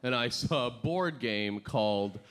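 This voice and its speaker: A man doing a stand-up set with a halting, deadpan delivery full of fillers and restarts. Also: mid-range voice. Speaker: stand-up comedian. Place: comedy club stage before a live audience. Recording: loud crowd laughter and noisy club ambience.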